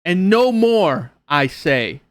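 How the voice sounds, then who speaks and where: A man's voice: high-pitched, very animated, takes it slowly, no room sound, voice pushed up, heavily acted. A man voicing a fierce, righteous woman warrior who speaks in grand, old-fashioned proclamations. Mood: proclaiming.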